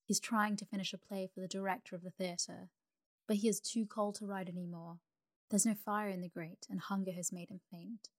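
Woman voicing a kind, sorrowful prince statue in a bedtime storybook, tender and calm, soft even tone. the figure is a grieving statue with a generous heart, read slowly by a woman narrator. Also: mid-range voice, natural voice.

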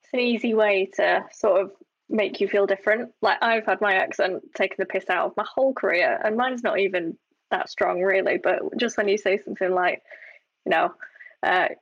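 A woman's voice: medium pitch, normal speed, no echo. A woman speaking in an easygoing, reflective way in casual podcast talk. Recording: dull, dry recording.

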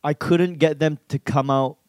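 A man's voice: fairly high pitch, fairly even intonation, moderate pace, smooth, dry recording. A man who is a comedian and a podcast guest, chatting in a blunt, sardonic, teasing way. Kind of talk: casual chat.

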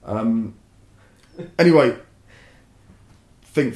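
A man's voice: mid-range voice, a little fast, a little mellow. A young man, telling a rambling, sweary story as a podcast guest. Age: young adult. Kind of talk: casual storytelling. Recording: roomy echo.

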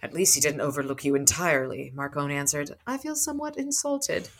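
Speaking low and at a normal speed, this woman recaps a book's plot as a podcast co-host. She reads dialogue passages aloud, shifting lightly between the characters.

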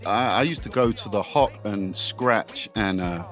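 A middle-aged man, a DJ guest telling animated anecdotes in casual chat and acting out the people in them. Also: fairly low pitch, a little slow, faint music behind. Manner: animated, swearing, acts out voices in anecdotes.

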